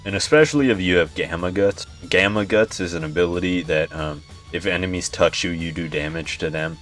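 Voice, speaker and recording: A young gaming YouTuber offers laid-back gameplay commentary in a low, brisk, fairly bright voice, with faint music behind him. He swears often, chuckles, and sounds tired, even yawning.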